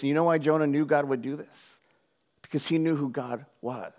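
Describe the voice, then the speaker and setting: Animated, joking male preacher. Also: on the high side, a little fast. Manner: animated, jokey, conversational preaching. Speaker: pastor. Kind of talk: sermon.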